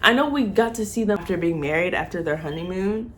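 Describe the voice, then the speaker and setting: Gushing young woman fan, low voice. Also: a little fast, slight background noise. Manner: gushing, laughing, animated. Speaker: vlogger. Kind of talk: excited fan commentary.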